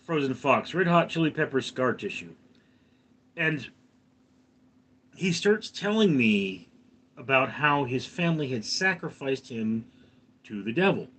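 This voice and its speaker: A man's voice: medium pitch, sing-song, unhurried, long pauses, a bit bright. A man hosting a casual livestream from home, telling a long anecdote and reading out chat comments. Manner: chatty, reads out chat comments between anecdotes. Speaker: livestream host.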